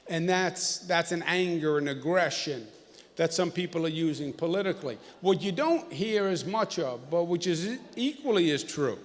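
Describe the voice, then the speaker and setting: A man giving a speech at a ceremony, joking and emphatic. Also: sits high. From New York. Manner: joking, then emphatic and forceful. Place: large banquet hall. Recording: echoey hall.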